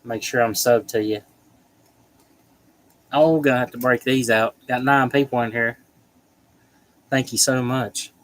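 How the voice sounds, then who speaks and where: A man's voice: mid-range voice, steady tone, unhurried, pauses often, rough recording. A man hosting a casual livestream, reading viewer comments aloud in a chatty, joking way. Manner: chatty, joking, laughs often. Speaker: livestream host.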